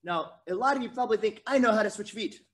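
A man's voice: high voice, quick pace, a bit bright. A man teaching a virtual martial arts class to kids, coaching energetically and counting out drills. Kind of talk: virtual kids' class instruction.

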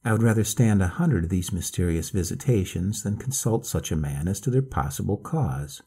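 Male audiobook narrator, low gravelly voice, lively intonation. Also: moderate pace. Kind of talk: scripted storybook narration.

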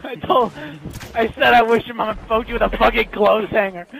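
A man's voice: high voice, steady tone, fairly quick, gravelly, a bit bright, a little hiss or hum, rough recording. A young man streaming a game, screaming and swearing in rage as he plays. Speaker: gamer streaming a live game. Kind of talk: raging gameplay commentary.

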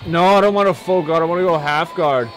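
A man's voice: on the high side, quick pace, faint music behind, a faint crowd, poor audio. A man giving a crude, mocking comedic voice-over. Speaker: video creator.

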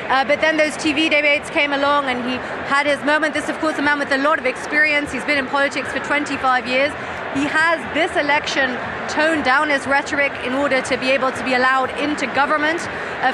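A woman news reporter giving a measured live report outdoors in a city. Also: sits high. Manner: measured, informative. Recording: loud street noise outdoors.

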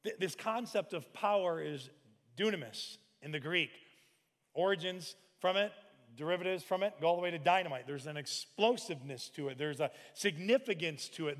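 A pastor in his forties delivers a lively sermon with a slightly raised voice. He acts out little scenes and sometimes bursts into shouted lines. His voice rings with the long reverb of a large church hall. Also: high-pitched. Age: 40s.

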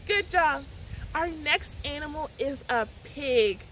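A woman's voice: sits high, a little slow, noisy background. A woman leading a children's sign language lesson outdoors at a farm, cheerful and sing-song like a teacher. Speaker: children's librarian.

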